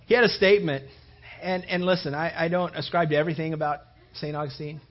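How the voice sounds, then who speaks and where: A pastor preaching a sermon in a high, light voice. He tells stories quietly, then rises into loud, emphatic preaching. The recording is dull and a bit lo-fi. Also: fairly even intonation, fast.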